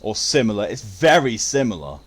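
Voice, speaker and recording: A young man chatting casually through a game stream. He jokes crudely and reads out viewers' messages. His voice sits a little low. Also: sing-song, normal speed, husky. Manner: crude, joking, reads out chat. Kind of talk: casual live-stream chat.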